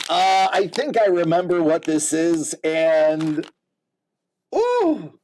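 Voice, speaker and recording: A man hosting a collectibles live stream in casual chat, exclamatory and quick to laugh. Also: on the high side, a little hiss or hum. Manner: animated and exclamatory, laughs often.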